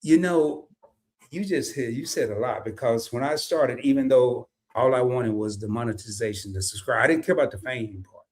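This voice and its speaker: A man hosting a casual interview show, an animated, folksy storyteller who jokes with his guest. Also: medium pitch, normal speed. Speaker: podcast host.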